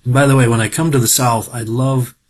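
A middle-aged man from Minnesota speaks briskly in a mid-range, steady voice. He's offering a casual, folksy market report on farm equipment auctions that wanders off on frequent digressions.

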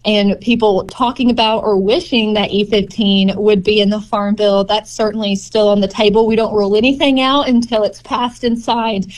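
A woman, a farm group's policy director, giving measured, informative answers in a radio interview. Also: mid-range voice, fairly even intonation.

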